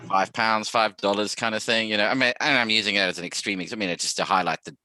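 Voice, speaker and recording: An English man hosting a casual video-call chat, swearing freely and talking in animated bursts. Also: on the low side, fast talker. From England. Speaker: podcast host.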